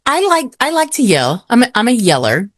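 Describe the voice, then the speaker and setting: A woman's voice: a little high, wildly swooping pitch, moderate pace, no room sound, studio quality. A middle-aged woman co-hosting a casual chat, candid and self-deprecating, sometimes stammering. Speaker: podcast co-host.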